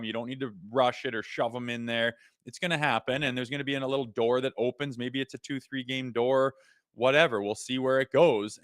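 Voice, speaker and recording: A man's voice: medium pitch, clear, resonant tone, dry recording, studio quality. A Canadian man in his thirties, a former player co-hosting a casual hockey podcast, telling stories and acting out what people said. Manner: animated storytelling, acts out quotes. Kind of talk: casual sports podcast chat.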